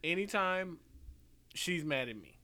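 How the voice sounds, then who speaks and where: Man with a lively storytelling voice. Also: on the high side, unhurried. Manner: laid-back storyteller, chuckles through his stories. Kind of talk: casual chat.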